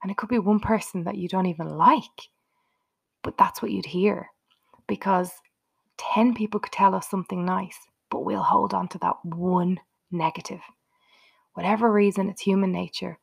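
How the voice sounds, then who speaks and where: A woman's voice: medium pitch, fairly even intonation, moderate pace, creaky, husky. A woman hosting her own motivational podcast, talking unscripted and earnestly, chatting straight to her listeners. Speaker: podcast host.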